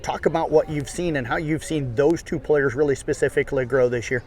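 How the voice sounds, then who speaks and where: A man's voice: fairly high pitch, fairly even intonation, a little fast, darkish tone. A man, a radio sports reporter, asking folksy postgame questions outdoors at a ballfield.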